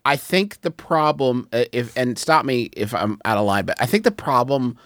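A man's voice: mid-range voice, expressive, normal speed, fairly bright tone, dry recording, clean studio sound. Rambling, self-mocking male podcast host. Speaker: advice podcast host reading listener letters. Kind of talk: casual comedic chat.

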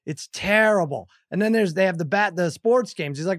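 An animated, exasperated man in his forties co-hosts a podcast, chatting casually and telling stories. His voice is high and his speed normal, recorded dry with clean studio sound.

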